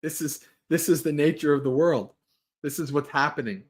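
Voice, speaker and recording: A man's voice: a little high, normal speed. A man who is a Buddhist monk, hosting a livestream and giving a casual Dharma talk, earnest and rambling, restarting his sentences and laughing lightly.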